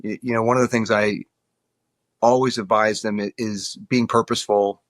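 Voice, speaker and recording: A man's voice: fairly low pitch, little pitch movement, normal speed, no room sound. A middle-aged man from New York, a guest in an interview, talking earnestly and often repeating words while he thinks. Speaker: guest, political consultant. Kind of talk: conversational interview.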